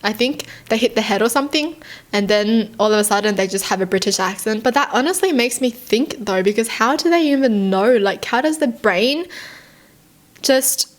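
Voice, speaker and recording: A young woman reacting to stories in casual commentary. She is excitable and curious, fires off quick questions and says "like" often. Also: a little high. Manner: excitable and curious, heavy use of "like", rapid questions. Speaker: vlogger reacting to read-out stories.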